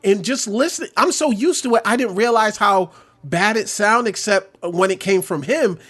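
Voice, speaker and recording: High-voiced New man, profane storyteller. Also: normal speed, fairly bright tone. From New York, Brooklyn. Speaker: podcast guest. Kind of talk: casual chat.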